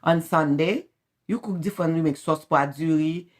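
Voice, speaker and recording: Being interviewed by her child, a Haitian-accented woman from Haiti shares family stories with animated energy and frequent laughter. She speaks in a low voice at a moderate pace.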